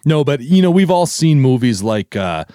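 A man's voice: medium pitch, big pitch swings, normal speed, mellow, dry recording, clean studio sound. A man co-hosting a podcast, chatting casually and enthusiastically, rambling with lots of fillers. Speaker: podcast co-host. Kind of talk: casual chat.

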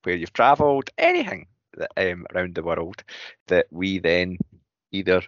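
A man co-hosting a podcast, talking in a relaxed, rambling way. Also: deep voice, normal speed, dry recording. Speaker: podcast co-host. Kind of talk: casual podcast chat. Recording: dull lo-fi sound.

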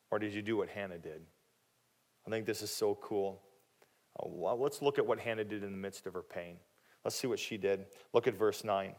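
A man preaching a sermon, animated and dramatic, acting out the people in the story and dropping quiet for questions to the listeners. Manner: animated, acting out quoted voices with big swings in pitch and loudness. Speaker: pastor.

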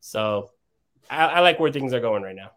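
A man's voice: mid-range voice, moderate pace. Man explaining steadily in casual chat. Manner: steady, explanatory, filler-heavy.

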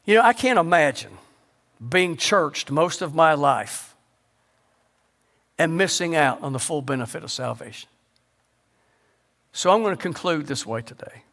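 A male pastor preaching a sermon, asking the congregation questions and sinking to a low hush to stress a point. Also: lively intonation, measured pace, creaky, long pauses. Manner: rhetorical questions, sudden drops to a low hush for emphasis.

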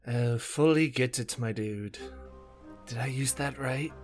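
A woman's voice: a bass voice, a little slow, a little mellow, soft background music. A woman voicing a polite, unsure young female sorcery student trying out slang. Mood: deadpan.

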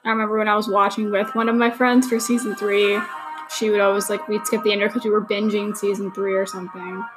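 A woman's voice: medium pitch, level tone, fast, over music, low-quality recording. A young woman hosting a casual watch-along podcast, gushing, emotional and swearing freely. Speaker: podcast host.

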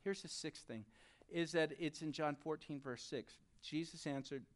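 A pastor preaching a sermon who speaks straight to the congregation and swings between loud, urgent stretches and soft, quiet ones. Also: mid-range voice, moderate pace. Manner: addresses the audience directly.

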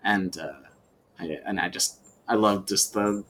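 A man's voice: low voice, steady tone, a little slow, noisy background. A man guesting on a podcast, chatting casually and rambling with many fillers and restarts. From United States. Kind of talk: casual chat.

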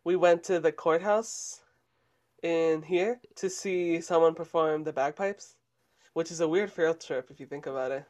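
A young man, co-hosting a casual chat and telling animated stories with frequent laughs. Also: a little high, unhurried. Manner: animated storyteller, laughs often. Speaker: podcast co-host.

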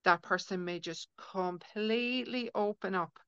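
Unhurried and clean-toned, this woman's medium-pitched voice is fairly bright, though the lo-fi recording sounds dull and dry. As a guest healer on a podcast, she converses casually but earnestly, voicing inner thoughts aloud to illustrate her points.

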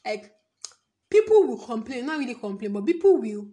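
A woman's voice: a little high, very animated, moderate pace, mellow. A young woman from Nigeria with a Nigerian English accent, rambling in a casual vlog monologue, jumping between thoughts, laughing and swearing often. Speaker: vlogger.

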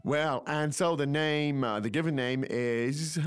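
A man's voice: fairly high pitch, unhurried, clear, resonant tone, no room sound. A man hosting a language-learning podcast, chatting casually and joking as he explains. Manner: chatty, joking, thinks aloud with fillers. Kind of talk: casual teaching chat.

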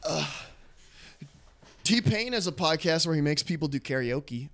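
A man's voice: fairly high pitch, expressive, measured pace, fairly bright tone. A young man co-hosting a podcast, rambling and swearing in casual banter with frequent laughs. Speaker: podcast co-host.

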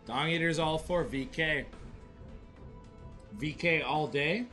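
A man co-hosting a slot stream, chatting casually with rowdy, profane excitement and hyping up the chat. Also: a little high, takes it slowly, faint music behind.

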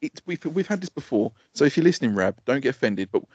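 A man's voice: medium pitch, big pitch swings, fast, darkish tone, breathy edge, no echo. A man with an Essex accent co-hosting a podcast, telling rambling stories with swearing and laughter. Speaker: podcast co-host. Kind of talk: casual podcast chat. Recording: dull lo-fi podcast audio.

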